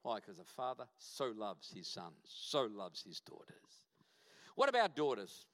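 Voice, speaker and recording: Emphatic preacher, bright voice. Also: male voice, fairly low pitch, huge pitch swings, unhurried. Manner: emphatic, repeats short punchy phrases. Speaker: guest pastor. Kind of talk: sermon. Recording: reverberant church hall.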